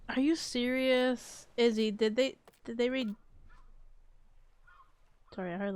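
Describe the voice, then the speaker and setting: Woman streamer muttering through a late-night game, kinda high voice, keeps it quiet, swears a lot. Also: steady tone, slow pace, long pauses, smooth. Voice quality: slightly high, a little strange voice. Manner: keeping her voice down late at night, swearing freely. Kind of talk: casual live-stream gameplay chat.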